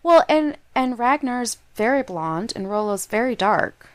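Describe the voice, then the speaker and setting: A young adult woman co-hosting a podcast in casual chat, playful and teasing, reasoning her guesses out loud. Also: fairly high pitch, animated, unhurried. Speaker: podcast co-host.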